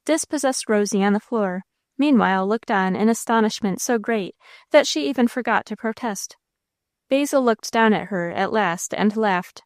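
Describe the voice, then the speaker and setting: A woman narrator giving a measured, expressive reading of a classic novel into a close mic. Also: mid-range voice, dry recording. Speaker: audiobook narrator.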